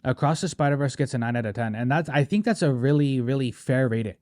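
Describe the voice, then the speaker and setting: A man hosting a casual podcast chat, talking animatedly and tossing in "bro" and "right?" all the time. His voice sits at an ordinary middle pitch. The sound is dry and close, with no room echo. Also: quick pace, darkish tone. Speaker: podcast host.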